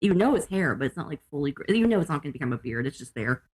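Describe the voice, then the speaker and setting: A woman's voice: low voice, very animated, very fast, slightly rough. A woman from Florida, co-hosting a podcast in casual chat, swearing and saying "like" a lot. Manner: chatty, swears, lots of "like". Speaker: podcast co-host.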